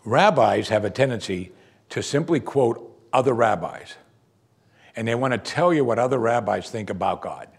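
Husky man teaching scripture animatedly. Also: mid-range voice, moderate pace. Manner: animated, acts out quoted voices. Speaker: preacher. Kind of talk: verse-by-verse Bible teaching.

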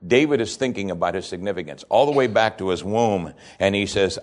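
A man pastor preaching a sermon, reading verses slowly with emphasis and asking rhetorical questions. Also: lowish voice, lively intonation.

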